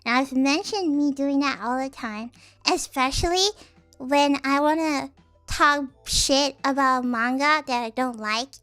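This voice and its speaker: Very high-voiced rambling female streamer. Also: a little slow, bright, forceful tone, soft background music. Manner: rambling, giggly, many restarts and fillers. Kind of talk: casual chat.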